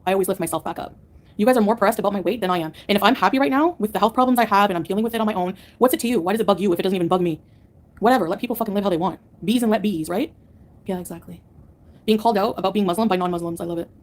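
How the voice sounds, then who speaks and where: Woman livestreamer, rapid combative rants, sarcastic, mid-pitched. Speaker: livestreamer answering chat. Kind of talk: live-stream rant to chat.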